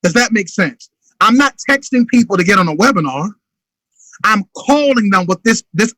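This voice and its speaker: A man's voice: high voice, expressive, moderate pace, bright, forceful tone, dry recording, rough recording. A man giving a motivational business talk in an urgent, emphatic way, sometimes acting out sales calls. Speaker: motivational speaker.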